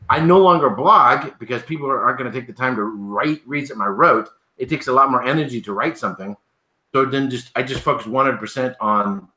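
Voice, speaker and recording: A man's voice: medium pitch, bright, forceful tone. A man co-hosting a casual live chat, explaining his views at length and often agreeing with "right". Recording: echoey room.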